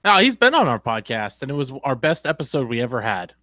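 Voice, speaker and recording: A man's voice: medium pitch, big pitch swings, quick pace, pushed and bright, no echo. A man from northern New York, guest on a casual podcast, laid-back and laughing often.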